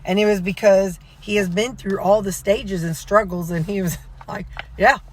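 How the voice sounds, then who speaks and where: A woman vlogger talks from inside her car, casually retelling a sermon she heard. She rambles, with lots of fillers and restarts. Her voice sits at a middling pitch. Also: fairly even intonation, moderate pace, breathy edge. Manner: rambling, with many fillers and self-corrections.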